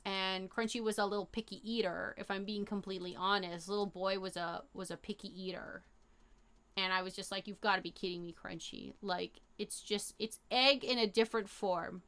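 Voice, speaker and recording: A young woman streaming live, chatting casually with her viewers in a rambling, animated way full of fillers and slang. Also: mid-range voice, moderate pace, clear, resonant tone. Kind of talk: casual chat to a live chat audience.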